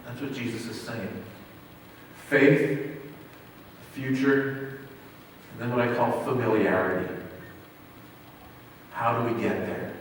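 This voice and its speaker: A man, a pastor, preaching a sermon with dramatic swings between loud emphasis and near hush. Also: medium pitch, steady tone, slow pace, pauses often, slight background noise. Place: church hall. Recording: echoey hall, mic far off.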